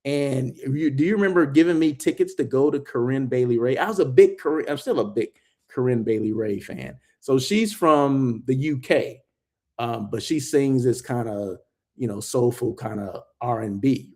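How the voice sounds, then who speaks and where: A man's voice: mid-range voice, normal speed, a little mellow. A man hosting a casual live check-in, chatting loosely and thanking viewers by name. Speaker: host of a daily live check-in show.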